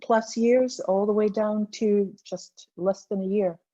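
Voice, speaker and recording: A woman's voice: mid-range voice, steady tone, takes it slowly, dark tone, highs cut off. A woman co-hosting a live online masterclass, giving brief, polite replies. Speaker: webinar co-host.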